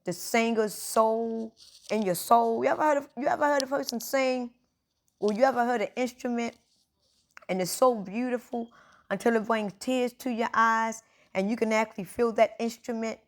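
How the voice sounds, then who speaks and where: A woman's voice: on the high side, fairly even intonation, moderate pace. A woman giving a casual spiritual talk, informal and emphatic, speaking straight to her listeners.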